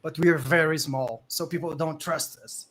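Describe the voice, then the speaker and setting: A man voicing a tiny indignant male goblin con artist in a tabletop game, talking shrill and yelling. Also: fairly even intonation, normal speed, slight background noise, lightly acted. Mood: defensive.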